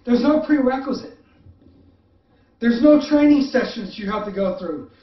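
A man preaches a sermon, pressing his listeners with repeated questions and then dropping into soft, halting asides full of fillers. His voice sits at an ordinary pitch. He sounds a little far from the mic in an echoey room, and the sound is slightly dull. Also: lively intonation. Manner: preaching with rising emphatic appeals and repeated questions; drops to soft, hesitant confessional tone with many fillers. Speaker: pastor. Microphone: online service stream. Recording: roomy, distant, muffled sound.

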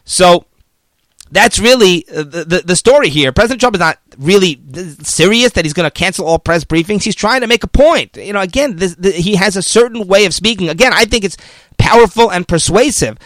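Animated high-voiced male commentator, dry sound. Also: a little fast, no room sound. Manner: animated, argumentative, mocking the media in quoted voices. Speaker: political commentary host. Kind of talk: casual political commentary.

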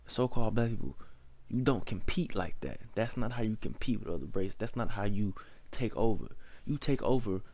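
A man's voice: on the low side, expressive, normal speed, hardly any pauses, a little mellow. A man hosting a podcast, delivering a blunt, profanity-heavy opinion monologue that lectures the listener directly. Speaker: podcast host.

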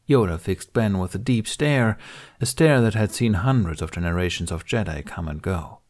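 A man reading his fan fiction aloud as narrator in an even storytelling manner. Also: low-pitched, normal speed. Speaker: reader.

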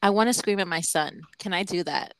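A woman's voice: fairly low pitch, fairly quick, fairly bright tone, poor audio. A young woman with a Bronx accent, co-hosting a casual podcast from her home office, teasing and telling stories with mimicked voices. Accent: Bronx New York. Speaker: podcast co-host. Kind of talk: casual chat.

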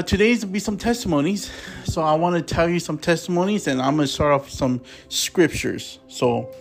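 A man's voice: medium pitch, vocal fry. A man hosting a preaching podcast, speaking with passion and stumbling a little when he reads scripture aloud.

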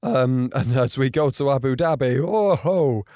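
A man giving casual reaction commentary on race highlights, rambling with frequent ums and getting indignant. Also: fairly even intonation, normal speed, a little mellow, no room sound, studio quality. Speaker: motorsport commentator.

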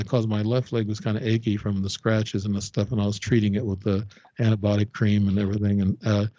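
An older man, a podcast guest and author, telling a personal story in a halting, rambling way with many fillers and restarts. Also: lowish voice, dark tone, no room sound. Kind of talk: casual storytelling interview. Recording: dull, dry lo-fi audio.

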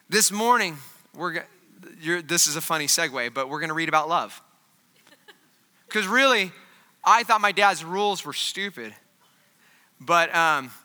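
A man's voice: fairly high pitch, pushed and bright, big-room sound. A man preaching a sermon in a casual, joking, conversational way, full of fillers. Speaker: pastor.

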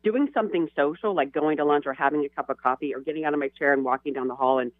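A woman's voice: low voice, racing, no echo. A woman guest speaker and coach talking earnestly in a radio interview, repeating words as she thinks aloud. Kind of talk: radio interview over the phone. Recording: tinny phone line.

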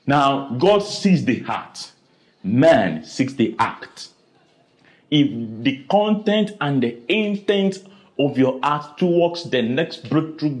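A man preaching a sermon, dramatic, with sudden high cries and repeated questions.

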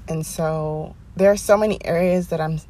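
A young woman hosting her own podcast, talking casually and animatedly, with sassy asides and drawn-out emphasis. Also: sits low, fairly even intonation, dark tone. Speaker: podcast host. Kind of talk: casual solo podcast monologue. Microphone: headphones, home podcast mic.

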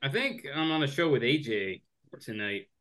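Deadpan man co-host, mid-range voice, dry delivery. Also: medium pitch, moderate pace. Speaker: co-host, comedian. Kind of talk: casual podcast banter. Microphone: remote call.

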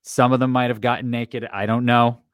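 A man spins a rowdy tale in casual podcast chat, his pitch sitting in the middle of the range. He gets animated and throws his voice up when he quotes others. The sound is close and dry. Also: normal speed, smooth, no room sound. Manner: animated storyteller, acts out quotes loudly.

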